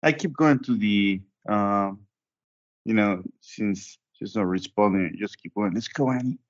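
A man's voice: lowish voice, unhurried, no echo. A man playing in a tabletop horror game over an online call, talking in a plain, matter-of-fact way. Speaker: player. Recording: dull online call audio.

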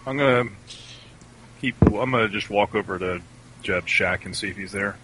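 Tabletop player, man, bright voice, faint background noise. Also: lowish voice, moderate pace. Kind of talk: casual game chat.

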